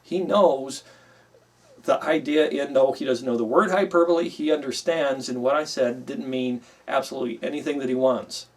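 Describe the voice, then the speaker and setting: A man's voice: mid-range voice, normal speed, recorded from a distance. Guy teaching bible class, talky with lots of uhs, heard from a bit away from the mic. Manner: conversational, with many fillers, emphatic in acted quotes. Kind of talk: classroom teaching, explaining with a story.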